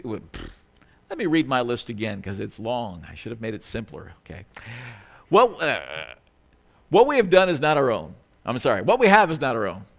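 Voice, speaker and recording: His voice is mid-range and creaky as he delivers a sermon. The pastor talks casually, correcting himself and going off on asides, sometimes voicing quotes in a tiny pleading tone.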